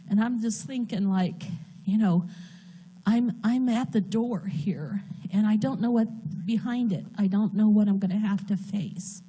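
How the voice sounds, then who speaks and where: In a church, a woman gives a personal testimony, speaking earnestly and haltingly as she holds back tears. Her voice is medium-pitched, husky, and dark in tone.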